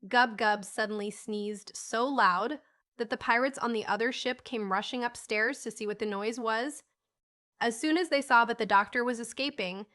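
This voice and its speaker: A woman's voice: mid-range voice, bright, forceful tone. A woman narrating a children's storybook audiobook, reading each character in a lightly lifted voice.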